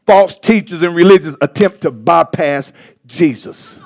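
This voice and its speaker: A male pastor preaching a sermon with passion, stumbling over words and swinging between loud bursts and soft asides. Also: a little high, measured pace, gravelly.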